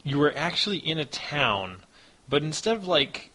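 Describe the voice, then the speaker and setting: A man's voice: a little high, very animated, normal speed, pushed and bright. A man narrating as game master of a tabletop role-playing podcast, casual and hesitant with lots of ums.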